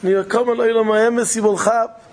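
A man's voice: very high-pitched, flat delivery, moderate pace, a little mellow, low-quality recording. A man delivering an impassioned storytelling sermon, repeating phrases for dramatic weight. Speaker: preacher.

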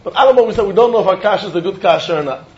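A man teaching a Talmud lesson, mixing English with Yiddish and Hebrew terms in an animated, sing-song line of reasoning. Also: sits high, racing. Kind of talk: Talmud study lecture. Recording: dull lo-fi recording.

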